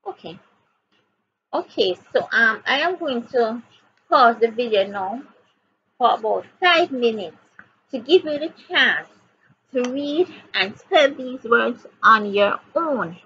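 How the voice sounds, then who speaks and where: A woman's voice: on the high side, lively intonation, slow, sharp tone. A woman with a Jamaican accent teaching reading, spelling out each word letter by letter and repeating words and questions as she goes. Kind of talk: slow spelling and reading lesson. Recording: dull lo-fi audio with faint background noise.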